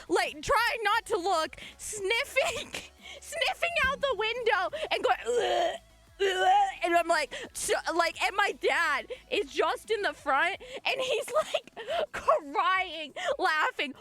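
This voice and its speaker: A woman streamer with a very high voice tells her chat a long story, excitable throughout and breaking into shrieks and laughter.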